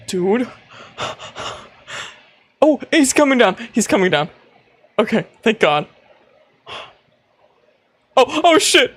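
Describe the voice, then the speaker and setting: A man streaming live, chatting casually, excitable and quick to gasp, squeal and swear. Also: extremely high pitch, no echo. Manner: excitable, gasping and squealing with laughter.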